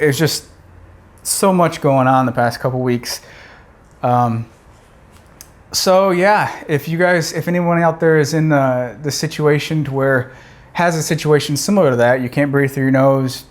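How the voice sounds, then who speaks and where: A young man talking casually to camera in a vlog, excited and rambling with many restarts. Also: medium pitch. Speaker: vlogger.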